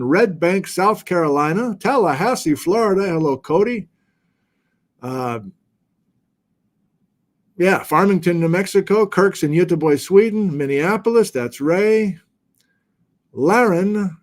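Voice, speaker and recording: An American man hosting a geology livestream, casually reading out where viewers are watching from in a relaxed, chatty way. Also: fairly high pitch. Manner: relaxed, chatty, reads viewer locations aloud. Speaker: geology lecture host.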